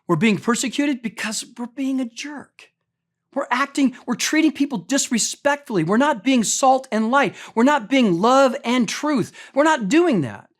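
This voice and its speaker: A male pastor preaching a sermon in a conversational, emphatic way, often putting direct questions to the congregation. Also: very high-pitched.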